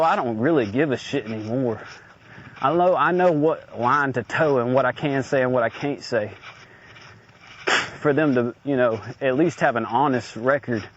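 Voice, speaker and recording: A man venting in a blunt, profane, aggrieved personal audio diary rant. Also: mid-range voice. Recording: dull lo-fi recording with faint noise.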